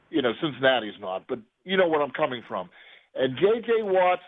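Insistent male caller over a phone line. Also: mid-range voice. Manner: insistent, keeps saying hear me out.

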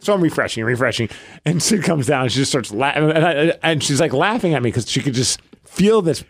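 Animated man telling a story, dry sound. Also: on the high side, brisk, slightly rough, no room sound. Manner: animated, acts out quoted lines, self-mocking. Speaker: podcast co-host. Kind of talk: casual chat, storytelling.

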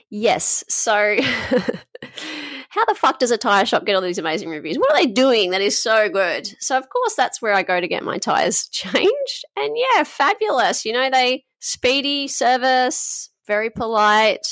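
A woman's voice: medium pitch, a bit bright, no room sound, clean studio sound. A woman in her thirties with an Australian accent, hosting a casual solo podcast in a frank, chatty way, swearing freely and wandering off topic. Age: 30s. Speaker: podcast host. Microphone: podcast microphone.

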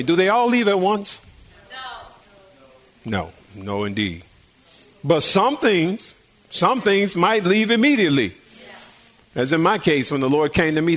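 A man's voice: sits high, a bit bright. An older man preaching a sermon in a folksy, conversational way, repeating himself and building in fervor. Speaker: pastor.

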